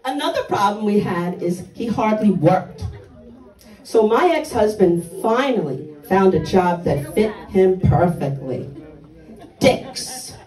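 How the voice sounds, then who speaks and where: An older woman doing a stand-up comedy set on a club stage, delivering blunt, dark one-liners with punchy timing. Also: medium pitch, animated, a little slow, echoey room, far from the mic, faint music behind, rough recording.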